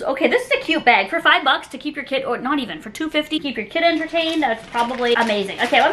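A woman's voice: on the high side, pushed and bright. A young woman chatting casually as she unboxes items, giggling often and filling her talk with "like". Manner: chatty, giggly, heavy use of "like". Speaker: vlogger.

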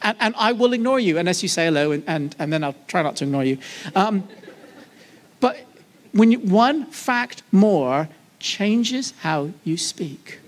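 A man preaching to a church congregation in a lively, conversational way, joking and asking the audience questions. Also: high voice, unhurried. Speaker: guest preacher. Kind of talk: sermon. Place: church service.

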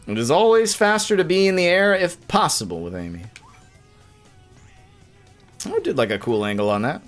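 A young man's voice, on the high side with big pitch swings, carries casual, joking live-stream commentary as he plays a video game and erupts in quick bursts of frustration. Soft music plays in the background.

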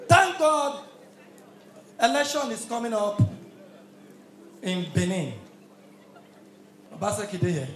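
High-voiced Nigerian man doing stand-up. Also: big pitch swings, slow pace, long pauses. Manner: punchy, shouted lines with hums and laughs between. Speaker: comedian and MC. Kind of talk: stand-up comedy. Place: live event hall with audience. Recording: echoey hall, crowd noise.

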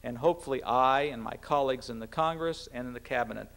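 A middle-aged American man, a cabinet secretary, giving a formal public speech in an earnest, measured way with a few restarts. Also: medium pitch, vocal fry, a bit bright. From United States.

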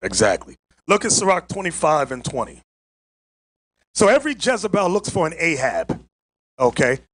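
A man preaching a fiery Bible lesson, emphatic and mocking, often raising his voice to a shout. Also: on the high side, very animated, normal speed. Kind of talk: fiery street-style Bible teaching.

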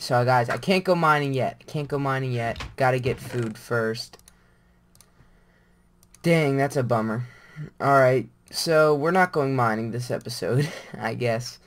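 A man's voice: medium pitch, a little hiss or hum. A man giving casual gameplay commentary, rambling and thinking aloud as he plays. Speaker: gamer.

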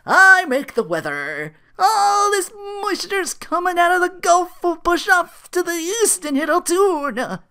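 A man's voice: extremely high pitch, very animated, a little slow, few pauses, bright, forceful tone, voice pushed up, exaggerated voice. A man voicing a weary, sarcastic male TV weatherman in a casual movie retelling, with dry, mocking quips. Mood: smug, mocking.

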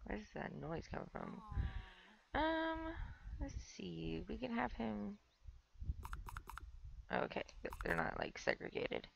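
A woman's voice: medium pitch, sing-song, slow pace, vocal fry, long pauses, highs cut off, slight background noise. A young woman with a stuffy nose giving casual, rambling let's play commentary, chatting to the characters on screen. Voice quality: rambling, filler-heavy, talks to the game characters. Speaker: gameplay streamer.

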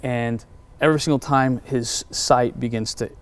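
A man's voice: medium pitch, normal speed, clear, resonant tone. A middle-aged man, a pastor, animatedly telling a story as a guest in an interview and acting out what people said. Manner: animated storyteller who acts out quotes.

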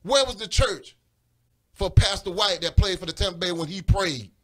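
Pitched high and moving at an ordinary pace, a man preaches on a studio radio program. His religious message builds in passion, his voice lifting as he pleads urgently, all picked up by a studio microphone.

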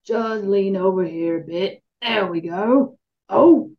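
A woman voicing a big, gentle half-giant groundskeeper who speaks soothingly and coaxingly, recorded with dull lo-fi sound. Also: mid-range voice, takes it slowly.

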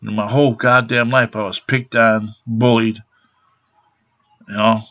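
A man in his fifties rants to his camera at home, swearing constantly and sounding blunt and aggrieved. His voice is gravelly and bright, with a tense edge. The sound is dull, lo-fi webcam audio. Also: lowish voice, little pitch movement, unhurried. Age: 50s. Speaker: vlogger. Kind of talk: angry rant to camera.

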